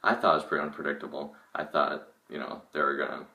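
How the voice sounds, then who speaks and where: A man's voice: very deep voice, steady tone, fast, creaky, sharp tone, recorded from a distance. A young man casually reviewing a wrestling show, opinionated and rambling, with lots of fillers and restarts. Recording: echoey room, voice from off the mic.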